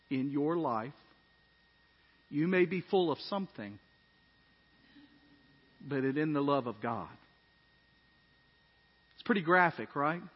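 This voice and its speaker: A man's voice: on the high side, slightly rough. A man preaching a sermon with emphatic rising phrases, often asking the congregation questions. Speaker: pastor. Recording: dull sermon audio with long hall reverb.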